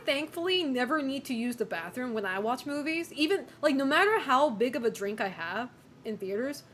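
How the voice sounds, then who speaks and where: A woman's voice: high-pitched, sharp tone. A woman streamer chatting casually with viewers, opinionated, swearing and laughing often.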